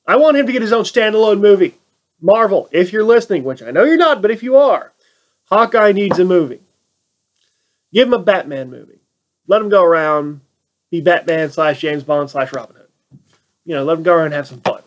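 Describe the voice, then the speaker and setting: A man's voice: high voice, animated, fairly quick, long pauses. A man giving a casual, sarcastic film review rant and mocking the plot. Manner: sarcastic, acts out quotes in mocking voices. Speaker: movie reviewer.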